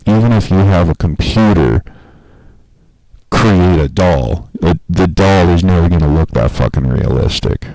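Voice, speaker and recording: Deep-voiced man telling a profane story. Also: measured pace, dark tone, no echo, poor audio. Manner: profane, rambling, laughing at his own story, acts out quotes in a raised voice. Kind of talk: casual storytelling.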